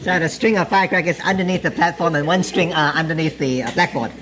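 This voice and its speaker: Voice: mid-range voice, fast, a crowd in the background, poor audio. An interpreter rendering a preacher's testimony sentence by sentence, hesitant and often laughing. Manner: hesitant, many fillers and restarts, often laughing. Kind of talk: consecutive interpreting of a sermon.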